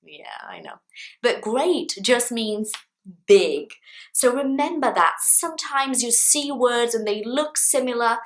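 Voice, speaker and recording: A woman teaching English vocabulary to camera in a clear, deliberate way, with playful example sentences. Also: on the high side, lively intonation.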